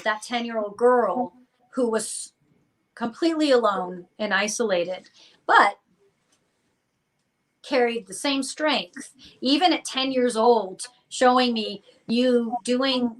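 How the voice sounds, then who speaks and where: A woman giving an earnest, expressive psychic reading on a live stream. She acts out the listener's inner thoughts and laughs between phrases. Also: on the high side, poor audio. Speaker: psychic reader.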